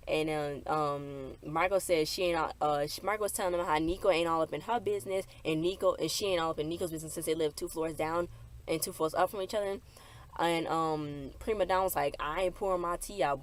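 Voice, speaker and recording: Chatty young woman recapping a show. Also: deep voice. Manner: chatty, recounting scenes by quoting the cast in quick back-and-forth. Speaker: TV recap vlogger. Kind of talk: casual episode recap.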